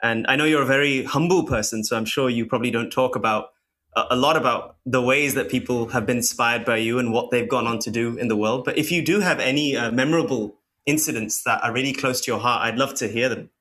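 A man's voice: medium pitch, fast, fairly bright tone. A man hosting a podcast interview, asking admiring questions in a hesitant way with many fillers. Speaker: podcast host.

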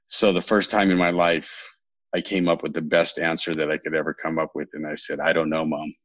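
Low-voiced man telling his story. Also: level tone, a little fast, fairly bright tone, no echo, lo-fi sound. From California. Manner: rambling, self-correcting, wry. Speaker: podcast guest. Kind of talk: candid storytelling interview.

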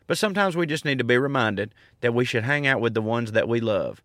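A man's voice: mid-range voice, lively intonation, quick pace, a bit bright, dry recording, studio quality. A man in his thirties with a Southern accent, joking and rambling through a casual outdoor monologue as a podcast host. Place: outdoors in a park.

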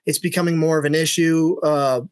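A man's voice: on the high side, level tone, brisk. A middle-aged man, a police officer guest, telling a personal story in earnest conversation, with frequent restarts and fillers. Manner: earnest, many restarts and "you know" fillers.

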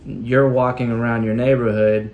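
A man's voice: mid-range voice, flat delivery, moderate pace, phone-quality sound, a little hiss or hum. A man talking earnestly in a casual conversation, working through his point with small fillers. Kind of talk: casual chat.

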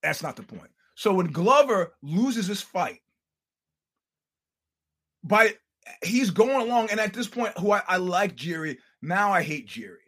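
Animated, profane male podcast host. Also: sits high, unhurried, long pauses, breathy edge. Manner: animated, profane, acts out quoted people. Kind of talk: casual monologue.

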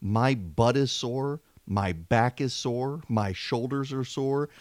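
A man's voice: medium pitch, slow pace, darkish tone, no room sound. A man, hosting a casual, chatty political talk radio show with a self-deprecating manner. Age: 40s. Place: home studio, seated at a mic. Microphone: studio microphone.

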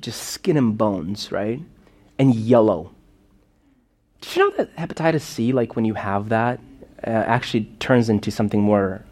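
A man's voice: medium pitch, darkish tone. A man telling a personal story in a sermon, talking in a loose, conversational way full of fillers and restarts. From Moldova. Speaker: preacher.

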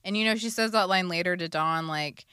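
A woman co-hosting a podcast in casual chat, lively, and apt to act out characters in quick bursts. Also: fairly low pitch, clear, resonant tone, no echo. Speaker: podcast co-host.

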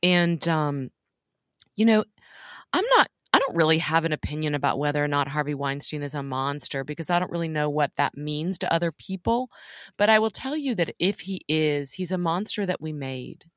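A woman co-hosts a chat podcast, setting out her views in a reflective, measured way. Her voice is low for a woman. The recording is dry and close. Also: lively intonation, no room sound. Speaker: podcast co-host. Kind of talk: casual chat.

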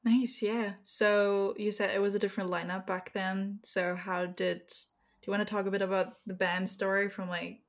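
A woman's voice: mid-range voice, level tone, moderate pace. Woman interviewer, English not her first language, young adult, casual, laughs often. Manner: chatty, laughs often, loose phrasing.

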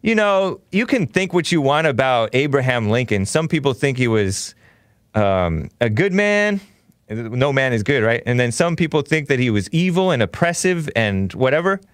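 A man's voice: mid-range voice, sing-song, normal speed, no echo, clean studio sound. A man hosting a talk show, ranting in a combative, mocking, rambling way. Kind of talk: casual talk show rant.

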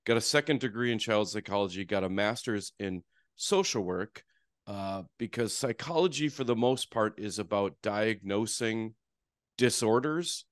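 A man's voice: lowish voice, expressive, normal speed, no room sound, studio quality. A man with a North Dakota accent, a therapist guest telling his story in a chatty, self-deprecating way. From North Dakota, USA. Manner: chatty and self-deprecating, with frequent "you know". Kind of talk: casual storytelling interview.

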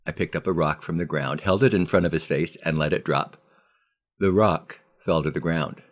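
Man, deep low voice, earnest, measured devotional storytelling, scripture reading. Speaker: devotional podcast host.

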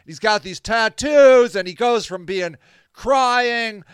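High-voiced man telling an exasperated story. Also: takes it slowly, smooth, no room sound, studio quality. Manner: animated, exasperated, swears freely; laughs between lines. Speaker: podcast host. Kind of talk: casual storytelling monologue.

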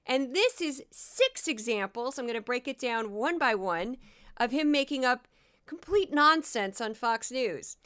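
A woman's voice: on the high side, fairly bright tone, clean tone. A woman from Missouri hosting a solo podcast, talking in a casual, sarcastic and mocking way. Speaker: podcast host.

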